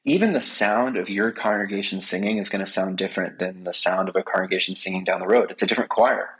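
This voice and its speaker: A man's voice: sits low, fast, fairly bright tone, husky, low-quality recording. A man speaking as a podcast guest, talking earnestly and with many fillers in a casual conversation.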